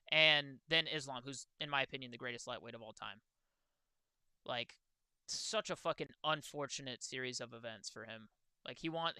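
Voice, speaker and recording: A young man streaming, chatting casually and excitedly, swearing freely and talking to his viewers. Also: medium pitch, clear, resonant tone, no room sound. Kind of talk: casual livestream chat.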